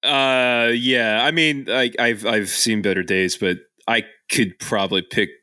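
A man's voice: mid-range voice, steady tone, measured pace, bright, forceful tone, clean tone, dry recording, clean studio sound. A man co-hosting a podcast in casual chat, who rambles with lots of fillers and laughs often. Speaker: podcast co-host.

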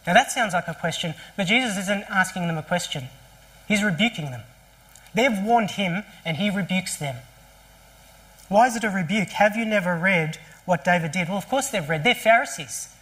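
A pastor preaching at a church service, with a voice of middling pitch. The delivery is animated storytelling, full of rhetorical questions and quick restarts. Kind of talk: sermon.

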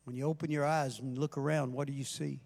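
An older man giving a passionate sermon as guest preacher, rising in volume and dropping back to quiet questions. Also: medium pitch, flat delivery, fast, creaky. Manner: passionate, builds in volume, then drops to questions. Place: church. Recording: music playing underneath.

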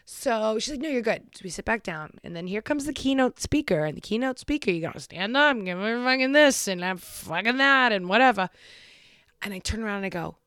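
A woman's voice: on the high side, lively intonation, fairly quick, fairly bright tone, clean tone, dry recording, studio quality. A young woman telling a long story in casual, profane chat.

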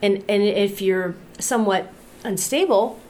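A woman's voice: medium pitch, a little slow, darkish tone. A woman guest in casual chat on a podcast, attentive and agreeable.

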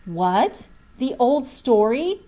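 A woman reading an audiobook, voicing a cheerful, teasing young male miner in a lively, coaxing manner. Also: on the high side, extremely slow, heavily acted. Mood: jovial. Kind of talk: audiobook character voice.

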